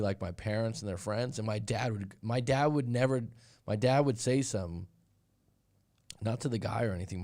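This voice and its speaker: A man's voice: mid-range voice, a little mellow. Blunt middle-aged man coaching on dating. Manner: candid, blunt, storytelling with quoted voices. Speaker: dating and breakup coach, live stream host. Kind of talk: casual live-stream monologue.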